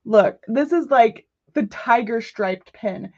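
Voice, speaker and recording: A woman hosting a casual craft live stream, telling stories in an animated way and chatting back to viewer messages. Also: on the high side. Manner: animated storytelling, quick asides to chat messages. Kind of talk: casual chat. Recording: muffled lo-fi audio.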